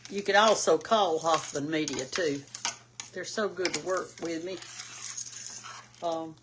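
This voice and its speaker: A woman's voice: deep voice, unhurried, pauses often, background noise. Folksy older Southern woman. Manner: folksy, chatty, rambling. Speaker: cooking show host. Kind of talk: casual cooking chat. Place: home kitchen.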